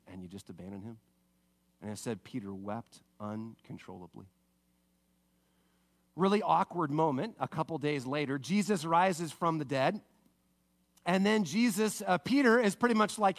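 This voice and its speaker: High-voiced, animated male preacher. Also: normal speed. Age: adult parent. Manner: animated storytelling, acting out characters with big pitch swings; drops to soft, low intimate tone for emphasis. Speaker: pastor. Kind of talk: sermon.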